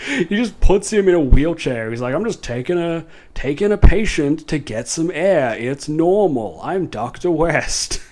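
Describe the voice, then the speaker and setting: A man talks through a horror movie's plot at an unhurried pace. He rambles, restarts and curses freely. His voice sits at an ordinary, middle pitch. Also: darkish tone. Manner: rambling, profane, laughing asides. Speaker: film recapper. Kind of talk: casual movie recap.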